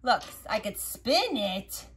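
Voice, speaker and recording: A young woman hosting a children's learning video, talking slowly in a playful, repetitive, coaxing way as she shows each step. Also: fairly high pitch, sing-song, breathy edge. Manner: sing-song, repetitive, gently coaxing. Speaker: children's educational host. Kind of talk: slow, playful teaching to toddlers.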